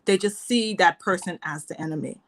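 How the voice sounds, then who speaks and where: A woman's voice: fairly low pitch, a little fast. A woman speaking as a panel guest, insistent and emphatic, repeating her points. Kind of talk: live online panel discussion.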